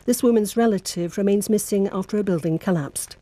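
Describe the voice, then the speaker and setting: A woman reading a radio news bulletin in a measured, formal way. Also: medium pitch, dark tone, dry recording. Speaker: newsreader.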